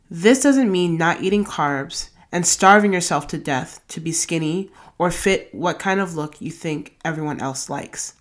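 A young woman hosting a podcast, reading her blog post of self-help tips aloud and drifting into loose casual asides. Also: fairly low pitch. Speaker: podcast host.

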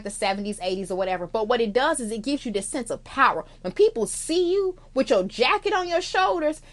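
A woman's voice: a little high, fairly bright tone. A young adult woman from the United States giving blunt, sassy life advice in a casual monologue, swearing freely and calling the listener girl.

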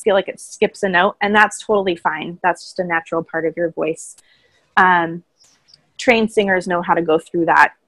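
A woman speaking as a guest in a casual interview, explaining things in a calm, thoughtful way. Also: fairly low pitch, no echo, rough recording. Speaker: voice coach guest. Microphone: own microphone, remote call.

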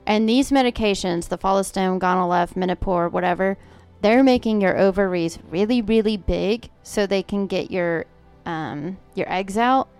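Woman podcaster rambling through a story, smooth clear voice, faint music behind. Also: mid-range voice, normal speed, a little mellow. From Oklahoma. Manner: chatty, storytelling with filler words. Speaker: podcast co-host. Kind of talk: casual chat.

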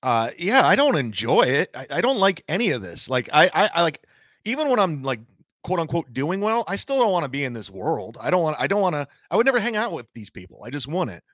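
A comedian guest on a live stream talks in a rambling, casual way, stumbling over words and restarting sentences often. His fairly high voice is very animated, fairly quick and fairly bright, recorded in studio quality with no room sound.

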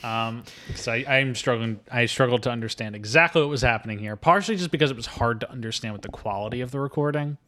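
A man co-hosting a casual movie-review podcast, jokey and animated, often slipping into silly impressions. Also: mid-range voice, quick pace, hardly any pauses. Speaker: podcast co-host.

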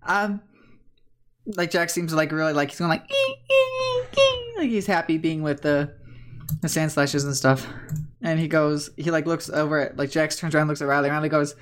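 A woman's voice: low voice, steady tone, moderate pace, a little hiss or hum. A woman narrating a tabletop game as game master, rambling with lots of fillers. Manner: rambling, filler-heavy storytelling.

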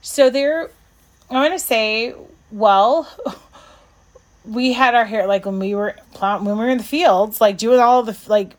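Animated, rambling woman podcast co-host. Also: slow. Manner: rambling, lots of fillers and restarts; animated, jumps to high pitch when excited. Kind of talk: casual chat reviewing an episode.

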